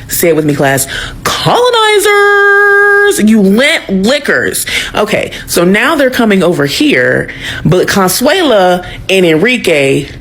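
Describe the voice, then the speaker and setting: Sassy woman with a very low voice. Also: vocal fry, husky. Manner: sassy, teasing. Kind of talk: casual commentary.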